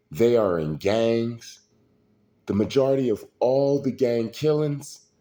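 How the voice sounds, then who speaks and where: A middle-aged man, telling stories in a slow, preachy street style. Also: medium pitch, dark tone. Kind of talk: casual storytelling monologue.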